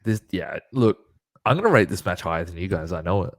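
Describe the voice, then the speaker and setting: Podcast co-host recapping moves, low voice with a lively swing, dry sound. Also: male voice, brisk, no room sound. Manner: play-by-play recap with frequent laughs. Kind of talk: casual podcast chat, recapping a match.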